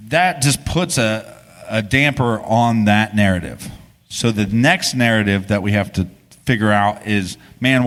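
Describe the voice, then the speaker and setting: A man co-hosts a live podcast before an audience. His low voice rambles casually, full of restarts and swearing. The hall adds a long reverb tail. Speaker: podcast co-host. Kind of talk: live podcast storytelling on stage.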